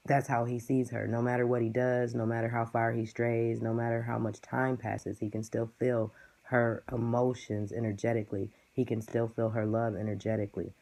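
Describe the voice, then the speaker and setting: A man giving a casual tarot card reading to his viewers, talking in a relaxed, musing way and stringing phrases together. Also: mid-range voice, vocal fry. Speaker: tarot reader.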